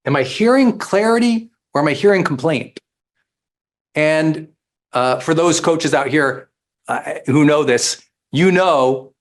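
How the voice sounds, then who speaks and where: A man leads a motivational seminar on life coaching. His voice sits fairly high for a man, and he talks in an animated, emphatic way, driving points home with repeated phrases.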